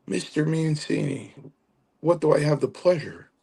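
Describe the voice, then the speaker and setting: A man impersonating a fatherly older male wrestling veteran in a slightly raised, halting voice. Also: on the high side, animated, creaky, mellow, slightly rough, pitched above the performer's own voice, exaggerated voice. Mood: warm.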